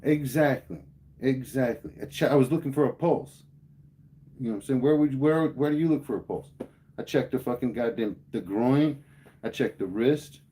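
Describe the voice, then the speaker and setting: A man's voice: medium pitch, fairly quick, dark tone. A man livestreaming, telling a heated, profane story to his chat in casual speech. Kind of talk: casual rant to live chat.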